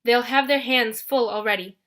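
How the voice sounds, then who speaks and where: A woman voicing a brutal, commanding male general in an audiobook, booming and growling sternly. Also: normal speed, a bit bright, close to an everyday voice.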